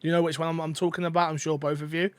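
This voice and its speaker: A man co-hosting a casual podcast chat, rambling and excitable with lots of fillers, eating while he talks. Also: a little high, very fast, no room sound. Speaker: podcast co-host.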